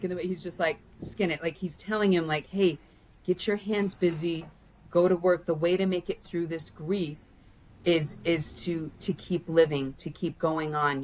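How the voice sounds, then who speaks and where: A woman talking casually about a film with her son, rambling with many restarts and fillers. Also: deep voice. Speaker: guest, host's mother. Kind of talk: casual film review chat.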